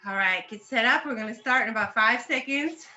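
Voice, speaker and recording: A young woman, a fitness instructor, cheers between sets of a home workout, breathless and encouraging. Her high-pitched voice sounds pushed and bright in a roomy space, recorded on dull lo-fi audio with faint music.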